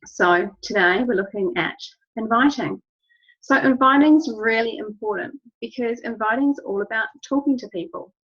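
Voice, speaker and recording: A slightly rough, somewhat high female voice at a moderate pace leads an instructional talk for her team. She works as a wellness business trainer and comes across as earnest and encouraging, repeating key phrases. Sound quality is dull and lo-fi.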